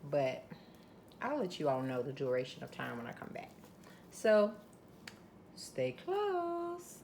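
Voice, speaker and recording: A woman's voice: extremely low pitch, lively intonation, brisk, vocal fry, a little mellow, a little hiss or hum. A woman with a Southern US accent hosting a casual cooking video, chatting to viewers as she works. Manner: chatty, addresses viewers as y'all. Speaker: cooking channel host.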